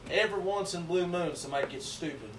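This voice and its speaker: A man in a casual chat, talking in a quick, offhand way. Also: high voice. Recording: distant, roomy and noisy.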